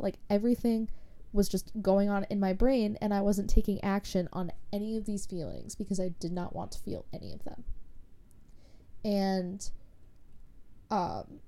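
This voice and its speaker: A woman's voice: mid-range voice, dark tone. A young woman casually telling a personal story, rambling with lots of filler words. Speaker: podcast host.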